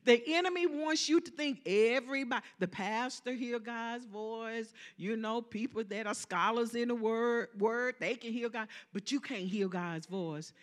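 A woman preaching a sermon, calling out to the congregation and repeating lines for emphasis, swinging from loud to soft. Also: on the high side, measured pace, hardly any pauses.

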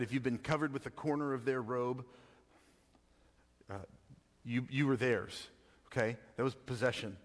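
A man's voice: mid-range voice, big-room sound. A man preaching a sermon in a conversational way, often stopping to ask "right?" and chuckling as he explains. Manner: conversational, laughs often, keeps asking "right?". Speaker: pastor.

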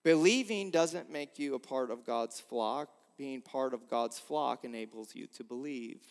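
A man preaching a sermon as a pastor, earnestly posing rhetorical questions and swinging between emphatic and hushed delivery. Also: mid-range voice, measured pace, creaky. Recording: long hall reverb.

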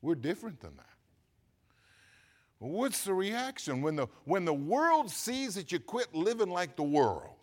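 A pastor preaching a sermon, swinging from quiet asides to loud, emphatic lines. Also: male voice, high-pitched, very animated, unhurried.

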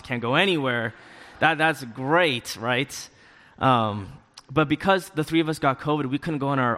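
A man's voice: mid-range voice, a bit bright. A young man giving a casual personal testimony as a church youth leader, acting out his own thoughts as he goes. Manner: casual and conversational, with many fillers and acted-out inner thoughts. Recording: long hall reverb.

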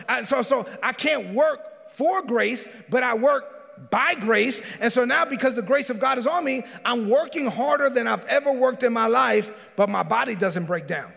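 A man preaching a sermon as a pastor in a church. He preaches emphatically, often shouting, and calls out congregants by name. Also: extremely high pitch, gravelly. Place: church sanctuary. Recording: reverberant hall.

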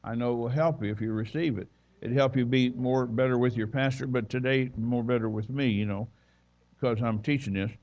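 A man's voice: mid-range voice, fairly even intonation, a little fast, lo-fi sound. A man preaching a sermon as a visiting minister, folksy and conversational with plenty of asides. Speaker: guest preacher. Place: church.

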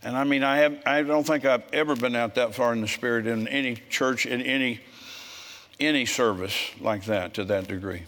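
A man in his seventies preaching a sermon, telling stories bluntly and growing forceful when he scolds. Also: medium pitch, moderate pace. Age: 70s. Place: church service with congregation.

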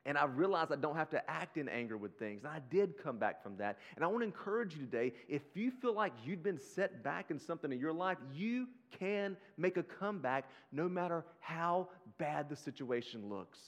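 Pastor guy preaching, lively and chatty, says y'all a lot, kinda high voice. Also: moderate pace, hardly any pauses. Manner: animated, conversational preaching with direct address; slips into casual slang like "y'all". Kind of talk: sermon.

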